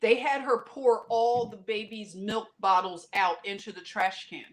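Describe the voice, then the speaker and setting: A woman guest on a podcast, telling a story with passion and bursting out loudly at times, in quick runs full of restarts. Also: medium pitch. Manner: impassioned, animated storytelling with sudden loud outbursts; talks in quick runs with many restarts and fillers. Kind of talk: casual podcast conversation.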